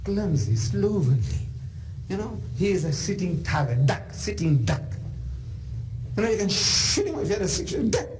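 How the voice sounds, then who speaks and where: An eager young shepherd boy pleads with excited enthusiasm, as a male lecturer voices him high and animated. His tone is bold and confident. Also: moderate pace, faint music behind, low-quality recording. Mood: scornful.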